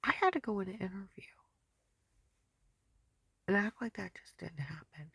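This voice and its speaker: A woman telling a rambling personal story in an agitated, repetitive way, often dropping to a breathy whisper. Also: medium pitch, expressive, moderate pace, a bit bright, no room sound.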